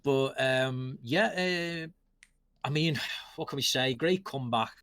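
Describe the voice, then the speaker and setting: A man's voice: mid-range voice, takes it slowly, fairly bright tone. A man hosting post-match interviews, asking rambling questions full of ums and restarts.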